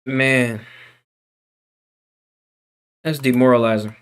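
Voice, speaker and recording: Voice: mid-range voice, steady tone, slow pace, clear, resonant tone. A streamer in a casual live-stream chat who vents with exasperation, groans and swears, and keeps calling viewers bro, dude and guys. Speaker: streamer teaching 3D character creation.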